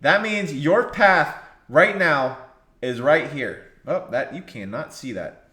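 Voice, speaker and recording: A man's voice: a little high, expressive, takes it slowly, pushed and bright, roomy sound. A man preaching a sermon, exhorting his listeners and repeating key phrases for emphasis.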